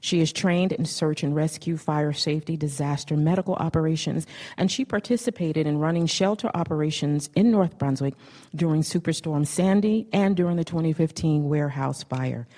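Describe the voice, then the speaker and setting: A woman's voice: low voice, moderate pace, dark tone. A woman at a council meeting reading a formal award tribute aloud, effusive in her praise. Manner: effusive, gets emotional near the end. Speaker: council member presenting an award.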